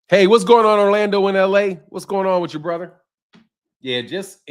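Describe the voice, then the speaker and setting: A man with a smooth, high-sitting voice and a moderate pace talks boxing casually on a livestream. He reads comments and replies to them, addressing chatters by name, and often circles back to repeat himself.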